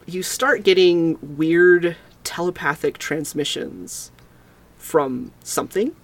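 A woman's voice: fairly low pitch, lively intonation, slow pace. A woman co-hosting a casual podcast, chatting playfully with frequent giggles. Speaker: podcast co-host. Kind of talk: casual chat.

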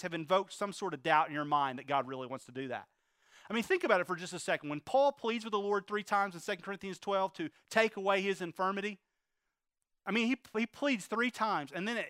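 A man's voice: high voice, sharp tone, clean tone, no room sound. A man preaching a sermon to his congregation in an earnest, conversational way, full of asides and rhetorical questions. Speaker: pastor.

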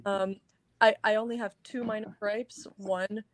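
A woman's voice: medium pitch, fairly even intonation, measured pace, dry recording. A woman co-hosting a casual movie review chat, talking enthusiastically and rambling with lots of filler words. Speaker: podcast co-host.

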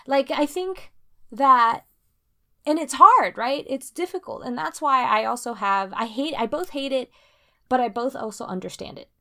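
A woman in casual conversation, rambling and restarting, getting animated when she makes a point. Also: sits high, moderate pace. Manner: rambling, self-interrupting, animated when emphatic.

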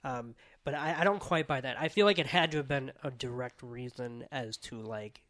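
A man's voice: mid-range voice, moderate pace, a bit bright, dry recording, studio quality. A man in casual podcast talk, asking about a movie with many fillers and hesitations. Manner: hesitant, filler-heavy questions. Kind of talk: casual film discussion.

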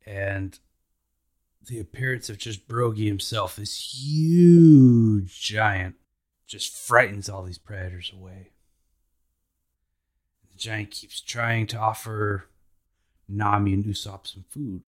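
A man's voice: fairly low pitch, steady tone, a little slow, long pauses, pushed and bright. A man hosting a podcast, recapping anime episodes in a laid-back, slangy way.

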